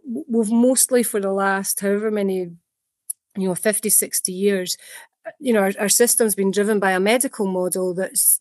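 A woman's voice: mid-range voice, no room sound, studio quality. A woman therapist who explains at length in an interview, telling stories and acting out quotes. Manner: animated storytelling, acts out quotes, many restarts. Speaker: trauma therapist.

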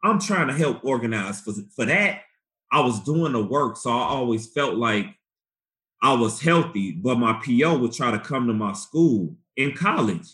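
A man in his forties from Chicago, a guest activist telling his story in an animated, profane, slangy way. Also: mid-range voice, unhurried. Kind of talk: candid storytelling interview.

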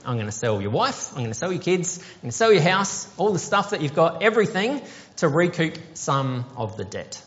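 A man's voice: a little high, big pitch swings, a little fast, pitched above the performer's own voice. A preacher voicing a stern king who bluntly orders a debtor's goods sold. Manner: blunt, dismissive declarations. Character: stern male king settling debts. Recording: dull sound with long reverb.

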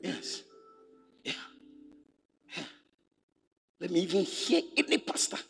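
A middle-aged man preaching in a Ghanaian English accent, his voice sitting high and swinging widely in pitch. He hammers points home by repeating them and climbs into shouts when he challenges the congregation. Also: sing-song, slow pace, creaky, long reverb tail, a little hiss or hum. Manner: emphatic preaching, repeats phrases, rises to shouts. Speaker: bishop and pastor. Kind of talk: sermon.

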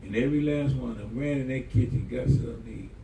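A man's voice: medium pitch, quick pace, vocal fry, dark tone. A man preaching as a pastor, telling stories with humor, folksy phrasing and call-and-response. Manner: folksy, uses "y'all". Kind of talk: sermon. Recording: echoey room, voice from a distance, audible background noise.

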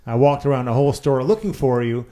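A man's voice: mid-range voice, lively intonation, fast, warm tone. A man hosting a casual chat, animatedly retelling a story, acting out quotes and swearing freely.

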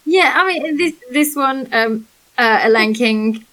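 A woman's voice: sits high, expressive, unhurried, a bit bright, rough recording. A woman with a broad British regional accent co-hosting a podcast, laughing, swearing and hesitating as she reads reviews. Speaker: podcast co-host. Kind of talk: casual chat.

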